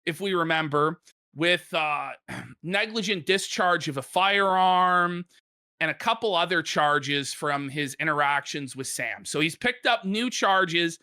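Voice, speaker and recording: A woman's voice: on the low side, lively intonation, unhurried, bright, forceful tone. A woman hosting a live stream, telling a story in casual commentary, laughing and swearing as she goes. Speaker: streamer host.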